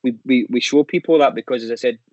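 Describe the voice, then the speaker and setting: A man chats as a guest on a podcast, telling stories in a lively, casual way with plenty of restarts. The sound is dry and a bit dull, like a lo-fi recording. His pitch sits in the middle of the range. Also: fast talker, dry recording. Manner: animated storyteller, frequent "man" and restarts. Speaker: band member guest. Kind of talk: casual storytelling chat.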